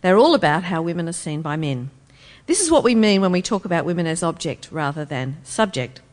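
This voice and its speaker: A woman's voice: on the low side, very animated, a little fast, darkish tone, in a large hall. A woman giving a public lecture in a wry, emphatic, rhetorical manner. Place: lecture hall.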